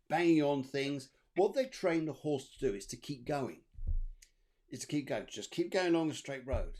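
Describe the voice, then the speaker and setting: A man's voice: medium pitch, darkish tone. A man co-hosting a casual live wellbeing show, chatty and reading out viewer comments with some hesitant restarts. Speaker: co-host of a spiritual wellbeing show.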